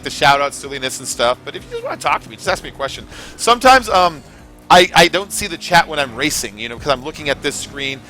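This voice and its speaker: A man with a bright, forceful mid-range voice streams a racing game. He rambles casually and chattily to his chat viewers, using plenty of fillers as he gives live commentary while racing.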